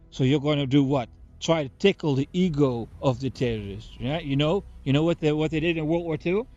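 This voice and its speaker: A man delivering a profane, mocking political rant, swinging between loud outbursts and low muttering. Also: no echo, lo-fi sound. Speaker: political commentator. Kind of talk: ranting monologue. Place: Germany.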